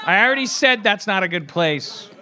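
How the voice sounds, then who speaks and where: A man hosting a comedy podcast, tossing in quick jokes and laughing often. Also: high-pitched, animated, bright, forceful tone, some chatter behind. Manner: quick interjecting quips, frequent laughter. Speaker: podcast host. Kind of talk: casual comedic banter.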